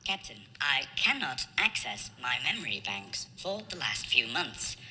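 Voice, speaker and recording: A woman's voice: very deep voice, very animated, sharp tone, heavily acted. A woman voicing a formal assistant droid. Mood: calm report. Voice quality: formal, measured machine speech. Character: polite assistant droid pilot, female voice. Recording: reverberant hall, faint music.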